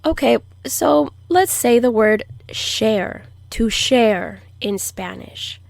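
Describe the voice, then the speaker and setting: A woman teaching a language lesson, who says each word slowly and clearly for learners to repeat and explains pronunciation patiently. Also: a little high, expressive, darkish tone, dry recording. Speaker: Spanish teacher. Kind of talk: slow, deliberate language lesson.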